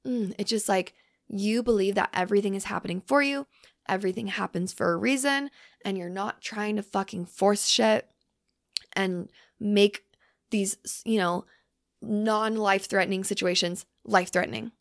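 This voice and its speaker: A young woman hosting her own podcast, talking loosely with lots of fillers and the odd swear, softly emphatic. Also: mid-range voice, normal speed, vocal fry, dry recording, studio quality. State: hungry from fasting. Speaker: podcast host. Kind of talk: casual solo podcast talk.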